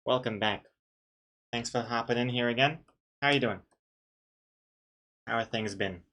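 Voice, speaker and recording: A young man talking in a loose, rambling way as he draws a comic live. He greets viewers by name, reads out their messages and makes fun of himself, and his voice sits at an ordinary middle pitch. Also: a little slow, bright, forceful tone. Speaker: streamer drawing a webcomic. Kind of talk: casual chat while drawing on a live stream.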